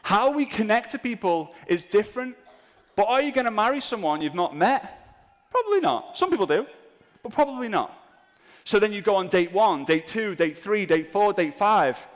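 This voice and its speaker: A man's voice: sits high, expressive, moderate pace, in a large hall. A man giving a comedic live seminar talk to an audience in an event room, joking and poking fun at himself with asides to the crowd. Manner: jokey, self-mocking, asides to the crowd. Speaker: seminar speaker.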